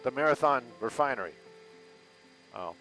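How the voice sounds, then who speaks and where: A man's voice: mid-range voice, lively intonation, moderate pace, pushed and bright, soft background music, poor audio. A man giving live traffic reports from a news helicopter over a headset, upbeat on air and joking off air.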